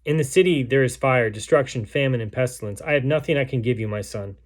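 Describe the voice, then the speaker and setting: A man's voice: mid-range voice, fast talker, natural voice. A man reading aloud the words of a starving, grief-stricken mother in a besieged city, in a solemn, pleading way. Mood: pleading, grieving.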